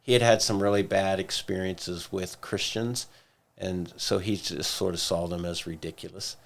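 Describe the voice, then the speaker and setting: A man with a low, gravelly voice talks through ideas on a church podcast. He explains in a steady, measured way, pausing now and then to gather his thoughts. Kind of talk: casual podcast discussion.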